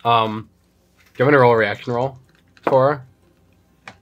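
A man's voice: mid-range voice, steady tone, measured pace, muffled recording. A man taking part as a player in a tabletop game, asking about rules and speaking hesitantly for his character. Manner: hesitant, questioning, steps in and out of character. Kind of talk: casual tabletop game play.

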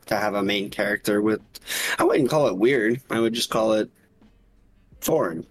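Man, low voice, measured, casual podcast co-host. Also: husky. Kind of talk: casual chat.

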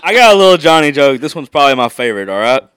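A man's voice: mid-range voice, big pitch swings, very fast, fairly bright tone. A man hosting a casual podcast, telling laid-back stories and laughing often. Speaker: podcast host.

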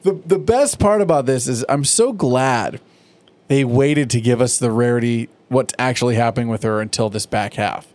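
A man's voice: moderate pace, a little mellow, no room sound. A man co-hosting a casual chat, recapping a cartoon episode with lots of swearing and laughter. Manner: profane, laughing, acts out lines in high put-on voices. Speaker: podcast co-host recapping a cartoon.

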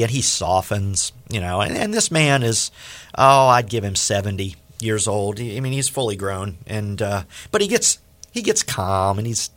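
A man hosting a faith radio interview, telling a story with lively acted-out quotes. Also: moderate pace. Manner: animated, acts out quoted speech with big pitch jumps. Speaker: radio show host.

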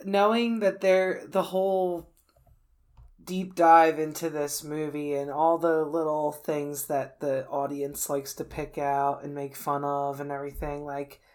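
A young woman weighs in on a film with blunt, casual opinions, pausing to hunt for the right words. Her voice sits a little low for a woman. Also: level tone, darkish tone. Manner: frank, searching for words. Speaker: podcast co-host. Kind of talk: casual movie discussion.

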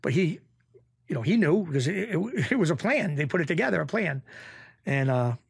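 A middle-aged man from Springfield, Massachusetts, telling stories as a podcast guest in a rambling, animated way with frequent restarts. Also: fairly high pitch, fairly quick, gravelly, husky, no room sound, clean studio sound. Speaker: podcast guest, former mob bookie. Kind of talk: casual storytelling interview.

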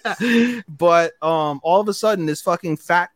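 With a smooth, higher-pitched voice, a young podcast co-host rambles through a casual, profane recap of an anime episode. He slips into quick voices to act out the characters' lines briefly. The recording is dry.

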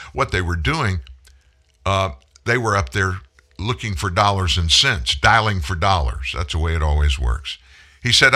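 A man's voice: on the low side, bright, forceful tone. A man in his sixties hosting a political talk show, delivering emphatic commentary and stretching out key words for effect. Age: 60s. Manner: emphatic, punches single words, slows down for effect.

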